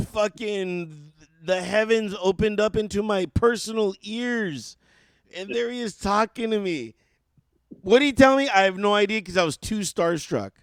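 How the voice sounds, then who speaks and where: A man telling a story in casual podcast chat, animated and swearing freely. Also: high-pitched, measured pace, smooth, dry recording. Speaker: podcast co-host.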